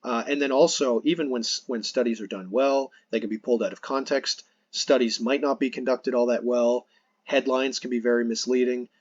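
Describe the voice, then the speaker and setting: A man's voice: medium pitch, fairly even intonation, a little fast, no room sound, lo-fi sound. A man hosting a podcast, earnestly explaining his points in casual conversation, restarting phrases as he goes. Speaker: podcast host.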